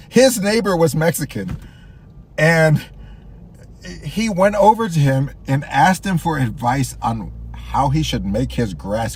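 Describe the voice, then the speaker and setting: A man's voice: on the high side, husky. A young man talking casually while driving, rambling with restarts, frequent laughs and swearing. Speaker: vlogger. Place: in a car.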